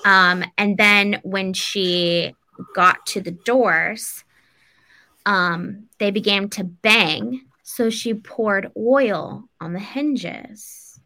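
A woman retelling a folk tale on a podcast in loose, casual chat. She rambles, fills with "like" and "um," and swears freely. Her tone is bright and sharp. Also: medium pitch, extremely slow. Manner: rambling, loose, swears, lots of likes and ums. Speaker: podcast co-host.

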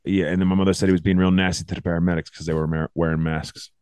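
Man, lowish pitch, rapid profane storyteller, dry recording. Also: smooth, no echo. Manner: profane, animated storytelling with acted quotes. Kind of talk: casual chat.

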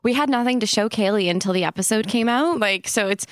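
A female songwriter guest talking in a relaxed way, full of "like" and fillers. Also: medium pitch, quick pace, no room sound, clean studio sound. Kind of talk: casual interview chat.

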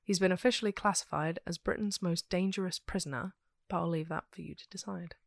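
Low-voiced woman with a London accent. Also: steady tone, fairly quick, creaky, no room sound, studio quality. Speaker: podcast co-host presenting a true crime case. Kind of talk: casual chat reading out researched notes.

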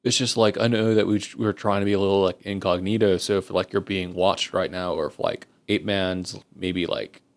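A man's voice: low-pitched, fairly even intonation, moderate pace, hardly any pauses. A man playing a tabletop game, talking casually and rambling. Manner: rambling, lots of fillers. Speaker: player.

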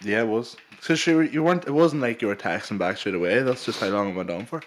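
A man's voice: lowish voice, fast. A man, co-hosting a podcast in casual, teasing banter and swearing freely. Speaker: podcast co-host.

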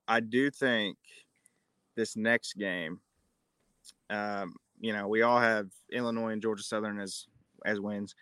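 Low-voiced man, dry sound. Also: sharp tone, no echo. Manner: hedging, thinks aloud. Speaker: podcast co-host. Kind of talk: casual sports chat.

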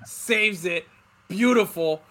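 A man talks sports in a loose, animated way, swearing and restarting his sentences. His voice sits high and sounds bright and forceful. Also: slow. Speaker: podcast co-host. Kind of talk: casual sports chat.

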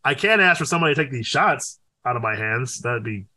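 Young male co-host, lively swinging pitch, bright edge, swears freely. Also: a little fast. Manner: animated, profane, breaks into loud exclaims. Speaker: podcast co-host. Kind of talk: casual chat.

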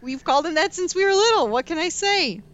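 A woman's voice: very high-pitched, animated, quick pace, fairly bright tone, lo-fi sound. Giggly young woman telling stories. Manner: chatty, giggly, playful storyteller. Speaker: podcast co-host. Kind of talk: casual chat.

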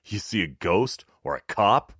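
A man's voice: on the low side, sing-song, measured pace, fairly bright tone, no room sound, clean studio sound, voice pushed up, full character voice. A man voicing a cocky, wisecracking teenage brother with fangs. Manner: wisecracking, gruff.

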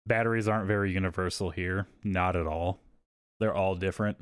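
Profane, animated man telling stories. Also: low voice, brisk, smooth. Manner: animated, profane, acts out quotes. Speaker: podcast host. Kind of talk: casual storytelling.

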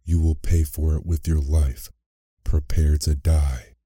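A man's voice: a bass voice, level tone, slow pace, dark tone, husky, no room sound, studio quality, heavily acted. A man voicing a huge, ugly, furious beast who growls and spits out his words in a bedtime story reading. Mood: raging.

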